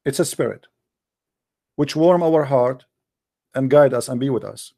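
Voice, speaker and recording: A man hosting a live debate, explaining his points patiently in casual, animated talk and checking often that the listener follows; English is not his first language. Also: mid-range voice, measured pace, vocal fry, no room sound, clean studio sound. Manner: animated, lively storyteller. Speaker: debate host.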